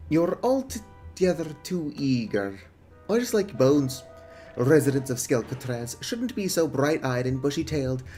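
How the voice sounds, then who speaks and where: A bossy prison guard, as a man reads him out, snapping orders and taunting the inmates. His voice sits at an ordinary middle pitch. Faint music plays under him. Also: big pitch swings, a little slow, warm tone. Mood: scolding. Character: bossy male prison guard, gruff and scolding.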